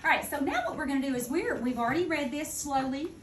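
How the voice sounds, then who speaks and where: A woman teaching a second-grade phonics lesson, speaking clearly and deliberately. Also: high-pitched, expressive. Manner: clear, deliberate teacher talk, slowing to model words. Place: classroom. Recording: echoey classroom from far off, noisy.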